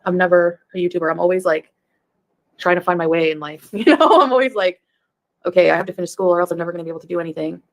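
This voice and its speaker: A woman's voice: fairly low pitch, very fast. A woman in her thirties, a YouTube reaction streamer, chatting casually on a livestream in a rambling way and laughing often. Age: 30s.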